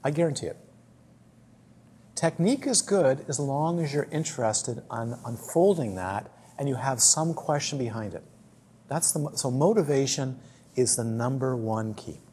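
A man's voice: medium pitch, animated, moderate pace, mellow, a little hiss or hum. A man who teaches dharma, giving a talk to a group in a chatty storytelling way, often repeating and restarting his words.

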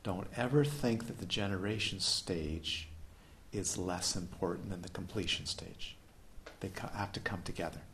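A man's voice: sits low, normal speed, a bit bright, slight background noise. A man giving a playful, questioning dharma talk as a meditation teacher at a retreat. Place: retreat hall.

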